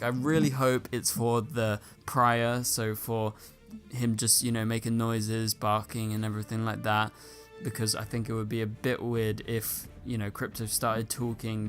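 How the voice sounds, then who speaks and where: A man talks casually to his viewers about casting news, in a voice that stays flat and even in pitch. His speech is loose and chatty, full of fillers. Soft music plays faintly behind him. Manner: chatty, filler-heavy with frequent "like" and "you know". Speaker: YouTube host. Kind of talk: casual commentary.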